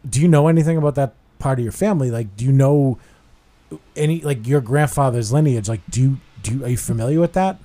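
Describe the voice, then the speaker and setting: Young guy podcast host, animated storyteller, swears a lot, goes loud doing quotes. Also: medium pitch, fast talker. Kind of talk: casual podcast chat.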